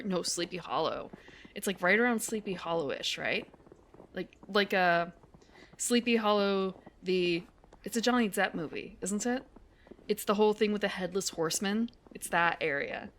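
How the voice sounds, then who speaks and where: Woman, casual rambling chat, outdoor walk, faint background hiss, mid pitch. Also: normal speed, a bit bright. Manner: rambling, chatty, self-correcting, laughs often. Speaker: streamer. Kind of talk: casual chat while walking.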